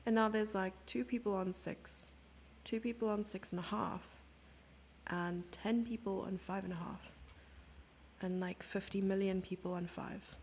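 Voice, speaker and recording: A woman's voice: mid-range voice, steady tone, a little slow, darkish tone, a little hiss or hum. A woman streamer giving chatty live chess commentary, thinking aloud and sometimes dropping into a whisper.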